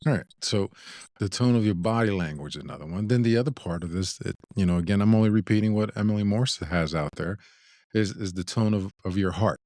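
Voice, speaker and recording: Deep-voiced man hosting a talk show. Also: a little fast, darkish tone, no room sound, studio quality. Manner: thoughtful, many restarts and repeated words. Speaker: podcast host. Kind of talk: casual discussion.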